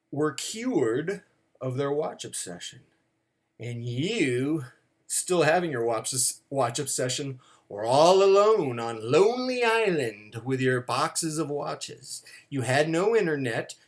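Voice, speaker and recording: A middle-aged man delivers a casual monologue to camera with a wry, self-mocking tone. His pitch leaps up for dramatic effect and then drops low again, as if he is half-joking with his audience. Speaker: watch vlogger.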